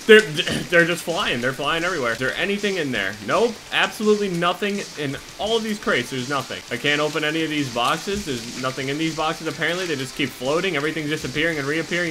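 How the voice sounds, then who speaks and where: A young man narrates his own horror gameplay with a high voice that swings wildly. He swears freely and bursts into panicked shouts. Loud game music plays behind him. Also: animated, a little fast. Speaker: gameplay streamer.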